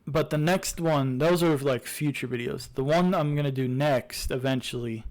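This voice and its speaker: A man's voice: mid-range voice, normal speed, rough recording. A young man casually reviewing a game series, rambling with many fillers and restarts. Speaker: YouTuber reviewing games.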